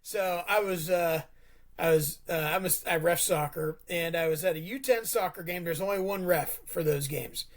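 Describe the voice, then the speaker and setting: A man with a high voice, speaking at a moderate pace, co-hosts a sports podcast. He tells a long, rambling story casually, with lots of restarts and stammering.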